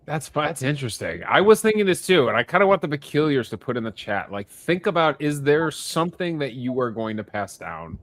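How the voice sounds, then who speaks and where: A man's voice: on the high side, sing-song, fairly quick, few pauses, fairly bright tone, dry recording. A man co-hosting a podcast, talking in a casual, chatty way and laughing often. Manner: chatty, laughs often, tells jokes with put-on voices. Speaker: podcast co-host. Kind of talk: casual chat.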